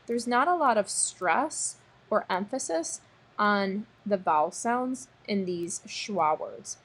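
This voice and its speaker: A woman's voice: medium pitch, expressive, slow pace, a bit bright. A woman teacher walking young students through a recorded spelling lesson, sounding out words patiently. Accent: American. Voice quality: breathy. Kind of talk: recorded word-sort lesson.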